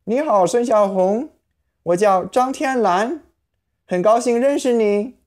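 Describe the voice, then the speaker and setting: Someone doing a sweet squeaky toy bunny. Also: measured pace, darkish tone, lightly acted. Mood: friendly. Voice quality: high squeaky cartoonish voice. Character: second stuffed bunny, friendly and sweet. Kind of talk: puppet skit.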